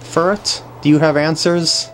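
A woman's voice: sits low, fairly even intonation, measured pace. A woman giving playful, chatty commentary on a video game she is playing, often talking to the characters on screen. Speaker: gaming commentator. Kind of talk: let's play commentary. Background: faint game music.

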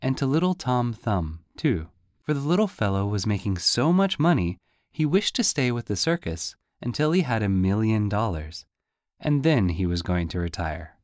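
A man reads a children's storybook aloud with folksy warmth in his telling, his lowish voice rising and falling freely. The recording is dry and close, with no room around it. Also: very animated, moderate pace, dry recording. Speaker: audiobook reader. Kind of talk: storybook narration.

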